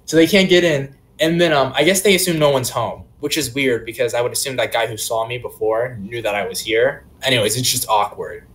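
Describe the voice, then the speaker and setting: A man's voice: mid-range voice, brisk, hardly any pauses, fairly bright tone. A young man casually telling a long personal story on a podcast, full of "like" and "um" fillers. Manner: rambling, many "like" and "um" fillers. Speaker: podcast co-host.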